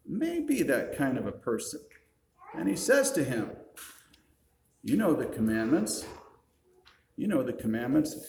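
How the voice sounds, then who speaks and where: A male pastor delivers a sermon. He works through his argument with dry humor and asks the listeners questions. His voice sits a little high and echoes around a roomy space. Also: darkish tone. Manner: reasoning, wry, rhetorical questions. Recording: roomy echo.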